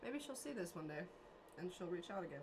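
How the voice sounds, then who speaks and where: A woman's voice: lowish voice, sing-song, fast talker, noisy background. A woman talking casually on a podcast, rambling and self-deprecating, often breaking into laughter as a tarot reader. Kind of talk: casual chat. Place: lives in a trailer park.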